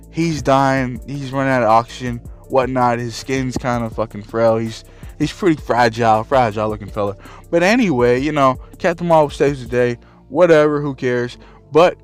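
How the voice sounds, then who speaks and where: A man ranting about a film in a heated, rambling way, swearing often and filling gaps with "you know" and "like". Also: medium pitch. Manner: heated, profane, rambling with many fillers. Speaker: movie ranter. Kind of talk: casual unscripted rant.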